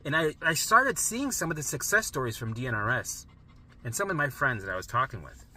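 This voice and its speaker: A man's voice: mid-range voice, very animated, a little fast, bright, forceful tone, slightly rough. A middle-aged man coaching listeners on recovery in an emphatic monologue, often tagging sentences with "right?" and swearing casually. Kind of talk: motivational monologue.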